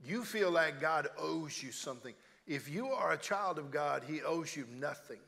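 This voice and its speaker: Older male preacher, gravelly, sharp tone, hushed then loud, long church reverb. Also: mid-range voice. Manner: swings from hushed storytelling to loud exhortation. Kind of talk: sermon.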